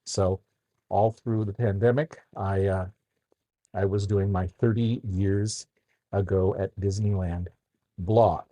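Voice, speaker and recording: A man recalling his blog's history on a podcast in a measured, reflective way. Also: low voice, fairly even intonation, mellow, no echo. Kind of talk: podcast recollection.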